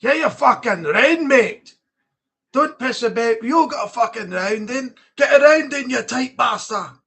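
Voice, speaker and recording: A rowdy, impatient pub drinker, as a British man puts him on, loud and sweary as he badgers his mate. His voice is pitched a bit higher than usual and pushed forward. It is played as a live-stream bit. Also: expressive, a little slow, creaky, slightly rough, full character voice.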